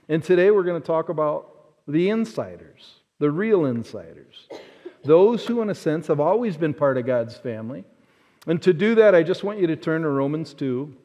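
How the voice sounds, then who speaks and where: A man preaching a sermon, telling a personal story and acting out the people in it in an animated way. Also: fairly high pitch. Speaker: pastor. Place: large church sanctuary. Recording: dull-sounding sermon audio with long hall reverb.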